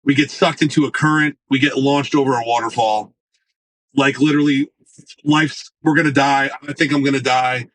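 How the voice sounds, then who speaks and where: A man telling stories in a casual interview, animated, acting out the voices of people he quotes. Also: mid-range voice, normal speed, dry recording, low-quality recording. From United States. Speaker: marketing executive guest.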